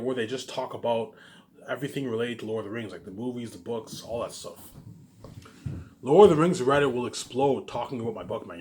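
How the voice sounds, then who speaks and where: A man's voice: mid-range voice, a bit bright. A man vlogging from home in a rambling, boastful monologue, often repeating himself and restarting. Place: home, noise upstairs.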